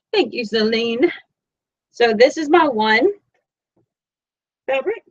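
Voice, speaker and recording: A woman's voice: sits high, expressive, slow pace, muffled recording. A woman with a Southern Florida accent, teaching a live-streamed sewing tutorial from home in a chatty, rambling, self-deprecating way. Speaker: sewing instructor. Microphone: computer mic.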